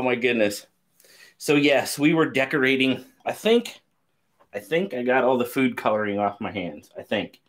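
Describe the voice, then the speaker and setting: A man hosting a casual live stream, upbeat and chatty, greeting viewers by name and a little out of breath. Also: mid-range voice. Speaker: knife channel host.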